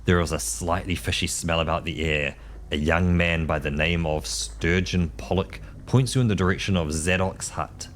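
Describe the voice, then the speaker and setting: Deep-voiced man reading a text game. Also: fairly bright tone, a little hiss or hum. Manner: easygoing, reads options then quickly decides. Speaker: streamer. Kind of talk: reading a text adventure aloud on a live stream.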